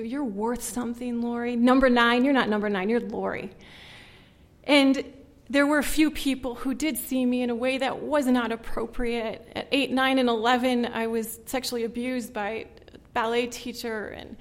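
A woman with a slightly high voice shares her personal testimony, earnest and conversational. She peppers her talk with "like" and her voice drops low and hushed at the painful parts. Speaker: speaker sharing her testimony.

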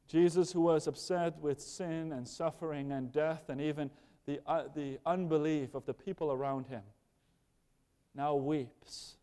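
An earnest man preaching from the pulpit, his fairly high voice carrying a mellow, dark tone. He drops to near-hushed passages, then rises with urgency. His words ring out into the long reverb of a large church hall. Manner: earnest, moving between hushed and raised passages. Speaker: pastor. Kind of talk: sermon.

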